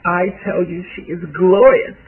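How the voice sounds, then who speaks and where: A man voicing a glamorous young businesswoman who speaks in a hushed, cooing drawl, on a tinny, lo-fi recording. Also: on the low side, big pitch swings, moderate pace, husky, pitched above the performer's own voice. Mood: gushing, adoring. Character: glamorous young woman entrepreneur, gushing. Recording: tinny phone-like lo-fi sound.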